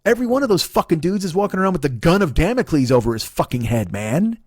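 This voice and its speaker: Man in his forties, high-pitched, swearing podcast rant, agitated, dry close sound. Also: sing-song, quick pace, husky, no room sound. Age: 40s. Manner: agitated, swearing, swings between muttering and shouting. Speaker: podcast host. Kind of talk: profane ranting monologue.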